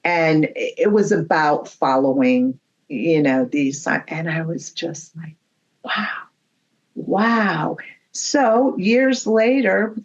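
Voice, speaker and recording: A woman's voice: medium pitch, muffled recording. A woman, a guest medium, telling rambling, chatty stories in a podcast conversation with frequent laughs.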